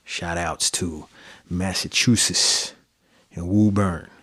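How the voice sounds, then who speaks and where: A man's voice: low-pitched, steady tone, unhurried. A man with a Midwestern American accent hosting a solo podcast, talking loosely and conversationally with slang and fillers. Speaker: podcast host. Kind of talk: casual solo podcast monologue.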